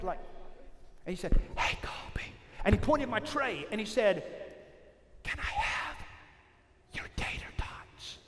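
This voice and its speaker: A man giving an energetic youth camp sermon, swinging from loud calls to the crowd to hushed whispers as he tells a story. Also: very high-pitched, in a large hall, slight background noise.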